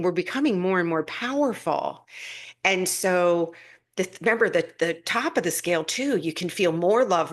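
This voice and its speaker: A woman's voice: lowish voice, fairly bright tone. A woman hosting a live stream, giving a casual spiritual talk in an earnest, rambling way with frequent laughter and restarts.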